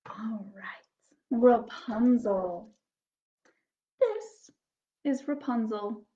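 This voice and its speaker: A woman reading fairy tales aloud at children's story time, slow and animated, dropping to soft whispers. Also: high voice. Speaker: children's librarian. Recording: dull lo-fi recording.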